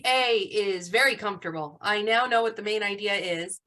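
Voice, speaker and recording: A woman's voice: medium pitch, normal speed, sharp tone. A woman teaching a live online class over a video call, upbeat and full of praise for her students.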